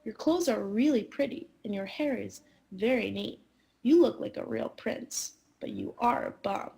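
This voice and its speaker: A woman's voice: a little high, expressive, measured pace, creaky, dark tone. Woman reading as a clever bold princess. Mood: tart.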